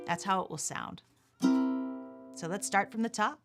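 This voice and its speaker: A woman's voice: on the low side, normal speed, over loud music. A woman teaching a ukulele lesson on a livestream, patiently explaining chords step by step. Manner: calls out chords while strumming. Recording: ukulele playing under the voice.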